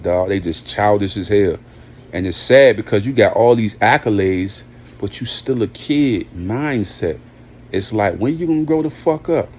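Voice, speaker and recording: A man's voice: lowish voice, darkish tone, slight background noise. A man delivering a heated, preachy vlog monologue, blunt and slangy, swearing freely and hammering short phrases. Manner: emphatic repetition of short phrases. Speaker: vlogger.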